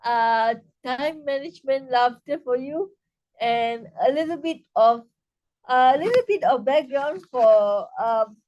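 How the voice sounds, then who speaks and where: A woman teaching a laughter yoga session over a video call, speaking haltingly with many restarts and leading rhythmic bursts of laughter. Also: sits high, darkish tone, highs cut off. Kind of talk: online interactive workshop talk.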